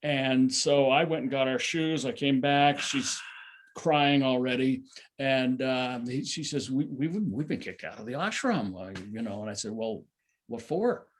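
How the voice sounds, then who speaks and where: A man's voice: medium pitch, measured pace, slight background noise. An older man telling a long personal story at a satsang, rambling with many fillers and restarts. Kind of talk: casual spoken storytelling.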